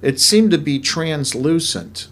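A man hosting a talk show, asking steady follow-up questions to draw out a guest. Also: fairly high pitch, takes it slowly. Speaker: host. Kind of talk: interviewing a guest.

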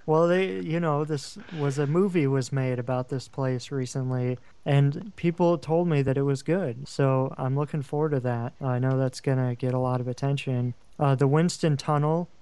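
A regular guest on a radio talk show, this paranormal writer chats casually about places he plans to write about, rambling with many fillers. His medium-pitched voice is steady, dark, clear and resonant, at a moderate pace with few pauses.

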